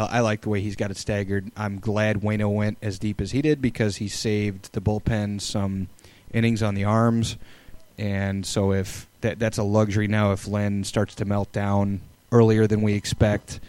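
A man co-hosting a live sports podcast, giving measured analysis with hedging fillers. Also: lowish voice, darkish tone. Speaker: podcast co-host. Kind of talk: casual sports chat.

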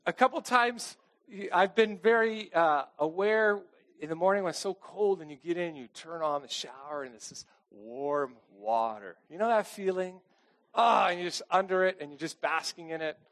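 A man's voice: high-pitched, moderate pace, a bit bright. Chatty pastor man, checking in often. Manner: chatty, self-deprecating, frequent "okay?" check-ins. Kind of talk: casual conversational sermon.

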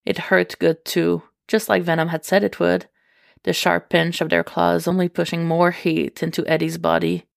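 A woman reading fiction aloud in a measured, unhurried way. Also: on the low side, level tone, vocal fry, no room sound, clean studio sound. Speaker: reader.

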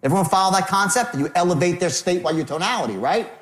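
A man's voice: high-pitched, lively intonation, fast, a bit bright. A man running a live sales training seminar, acting out customer and salesman lines with shifting tone. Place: seminar room. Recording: echoey room.

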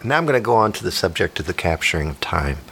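An excitable man in his fifties hosting a comedy podcast, rambling from one joke to the next. His pitch jumps around a lot. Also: quick pace, gravelly, slight background noise. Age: 50s. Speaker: podcast host.

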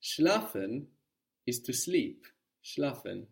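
A man's voice: mid-range voice, very animated, extremely slow, creaky. A man teaching a language lesson, explaining patiently and encouraging his student.

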